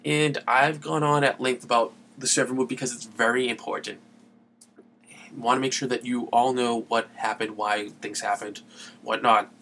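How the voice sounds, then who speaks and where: Podcast host guy, bright voice, rambly and chatty, a bit of faint hiss behind. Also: mid-range voice. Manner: chatty, loose, rambling with fillers. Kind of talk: casual solo podcast talk.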